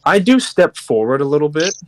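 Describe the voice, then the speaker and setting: A man's voice: on the high side, very animated, a little fast, a little hiss or hum. Matter-of-fact male player. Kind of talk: tabletop game play.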